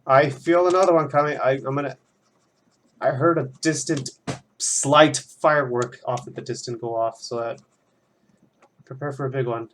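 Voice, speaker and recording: A man's voice: mid-range voice, fairly even intonation, normal speed, fairly bright tone. A young man chatting casually and rambling as he works on a drawing at home, swearing freely. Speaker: art student drawing on stream. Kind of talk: casual commentary while drawing.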